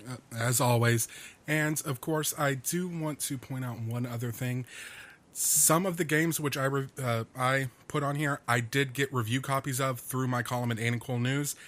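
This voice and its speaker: A man with a bright, forward voice co-hosts a relaxed podcast from a small home studio. He sounds upbeat and laughs easily between points. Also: medium pitch, moderate pace. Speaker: podcast co-host. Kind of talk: casual chat.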